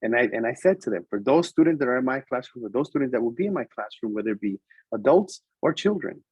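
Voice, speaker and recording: A man, a preschool teacher, telling a classroom story to educators in an animated way, switching between English and Spanish. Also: medium pitch, fast talker, husky, dry recording, muffled recording. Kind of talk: storytelling presentation.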